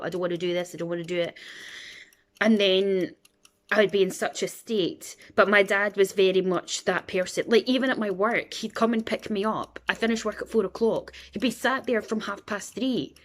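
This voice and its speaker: A Scottish woman in her thirties, rambling in a casual chat and acting out the voices of people in her stories. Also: mid-range voice. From Scotland. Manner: chatty and rambling, acts out quoted voices. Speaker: vlogger.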